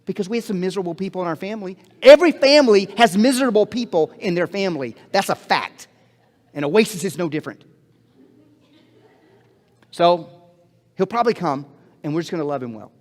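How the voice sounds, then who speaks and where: A male pastor from Alabama preaching a story-filled sermon with lively, acted-out dialogue, then closing in prayer. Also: high voice, fairly quick, pauses often. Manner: animated, acts out dialogue, repeats phrases. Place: church auditorium. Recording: long hall reverb.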